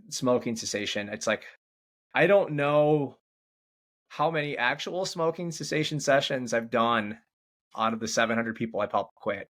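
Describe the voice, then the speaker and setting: Male podcast guest, gravelly tone, casual and rambling. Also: medium pitch, fairly bright tone. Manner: rambling, with many restarts and "right?". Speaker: podcast guest, change coach. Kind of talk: casual storytelling in an interview.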